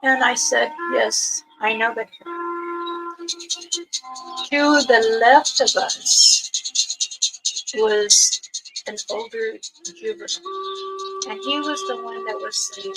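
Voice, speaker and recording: A woman with a fairly high voice tells a rambling story at an unhurried, drawn-out pace. She is an elder healer on a livestream, and her voice keeps leaping up in pitch mid-sentence. Clear music plays behind her. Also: animated, poor audio. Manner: rambling, with sudden jumps up in pitch. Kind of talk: casual spoken storytelling on a livestream.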